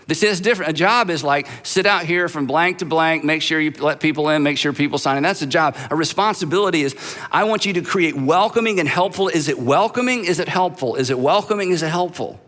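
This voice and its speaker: A man's voice: fairly high pitch, fairly bright tone. A middle-aged man, a pastor, giving a conversational leadership talk to a live church audience, acting out short dialogues and often restarting his sentences. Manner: conversational, acts out quick dialogues, frequent restarts. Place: large church auditorium. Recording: long reverb from a large hall.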